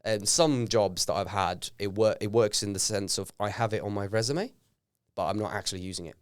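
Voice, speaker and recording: Norwegian-born man telling lively stories. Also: lowish voice, a little fast, smooth, no room sound. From Norway. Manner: animated storyteller, acts out quotes. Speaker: guest actor. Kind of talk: casual podcast interview.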